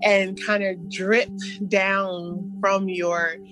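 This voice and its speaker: A woman telling personal stories in an interview, halting and restarting, with soft nervous laughs. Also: medium pitch, flat delivery, music in the background. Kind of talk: personal storytelling.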